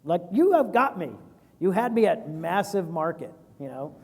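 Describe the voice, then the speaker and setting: An animated man in his forties talks casually about investing and acts out little quoted exchanges. His voice sits high, and it rings in a big echoey hall. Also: normal speed, creaky, slightly rough. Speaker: venture capitalist guest. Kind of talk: animated fireside chat.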